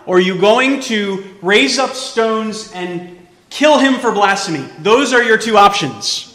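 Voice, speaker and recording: A man preaching a sermon as pastor, asking the congregation rhetorical questions and moving between loud emphasis and hushed tones. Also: high voice, expressive, measured pace, in a large hall.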